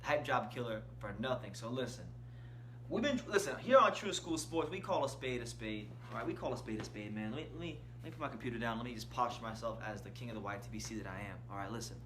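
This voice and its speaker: Animated and fast-talking, a man with a medium-pitched, fairly bright voice gives opinionated boxing commentary on his casual channel, punching key words. He records in an indoor room with shirts on the wall, and a little hiss or hum is audible.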